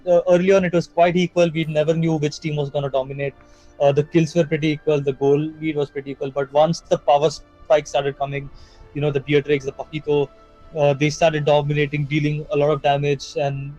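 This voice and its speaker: A man casting a live mobile game tournament, giving energetic play-by-play full of "you know" fillers. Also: fairly high pitch, low-quality recording. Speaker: esports caster.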